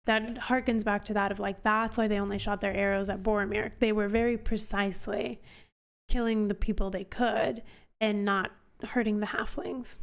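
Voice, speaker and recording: A woman hosting a casual book club discussion, chatty and thinking aloud with many fillers and restarts. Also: mid-range voice.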